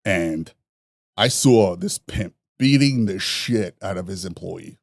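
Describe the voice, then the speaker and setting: Gravelly, profane New man telling stories. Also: sits low, slow pace, no echo, studio quality. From New York. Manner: profane, animated storyteller who laughs at his own stories. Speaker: podcast guest. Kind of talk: casual storytelling.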